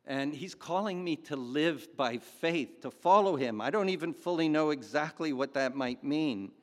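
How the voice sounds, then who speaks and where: A man voicing an earnest, halting tax collector who keeps repeating himself in his gratitude. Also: on the high side, animated, natural voice. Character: grateful male tax collector answering a call. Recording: long hall reverb.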